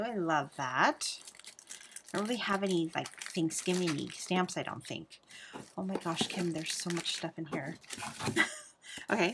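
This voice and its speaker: Gushing woman with a lively voice. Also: on the low side, a little hiss or hum. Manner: gushing and exclamatory, often dropping to a hushed near-whisper. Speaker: craft channel host. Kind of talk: casual unboxing chat.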